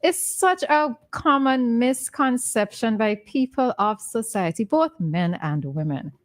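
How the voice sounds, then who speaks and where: Lively woman radio host. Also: a little high, measured pace. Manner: chatty, laughs often, answers with mm-hmm. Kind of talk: morning radio talk show.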